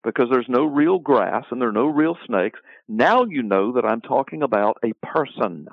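A man's voice: medium pitch, lively intonation, moderate pace, vocal fry, dry recording. A man teaching about the Bible in an interview, emphatic and repetitive, building long lists as he talks. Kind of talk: preaching-style interview answer. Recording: phone-line sound, dry.

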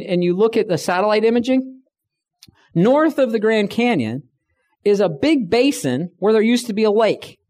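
A man's voice: sits high, darkish tone. Tired man telling stories to a room. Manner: conversational storytelling, acts out quoted voices. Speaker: speaker. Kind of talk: live talk to a room.

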